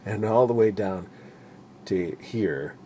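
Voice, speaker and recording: A man's voice: on the low side, slow pace, warm tone, slight background noise. A man sharing casual, rambling thoughts on a Bible chapter, filling with "you know" and acting out the quoted lines with sudden bursts. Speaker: Bible study speaker.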